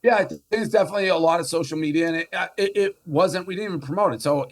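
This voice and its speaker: Man in a played clip, fairly high voice, measured explaining tone. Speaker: podcast guest in played clip. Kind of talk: casual chat.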